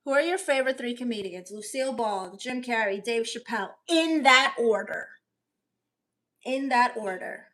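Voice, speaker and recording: A woman's voice: fairly high pitch, animated, bright, forceful tone. A woman in her thirties from Florida, chatting casually on a phone livestream as she reads out viewer comments. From Florida, USA. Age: 30s. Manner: playful, quick, giggly replies. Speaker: comedian and streamer.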